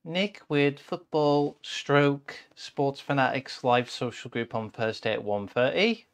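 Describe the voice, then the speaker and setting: A man's voice: mid-range voice, takes it slowly, vocal fry. A man co-hosting a community live stream, who reads out the schedule and introduces a picture book in a playful, self-mocking way. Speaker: co-host.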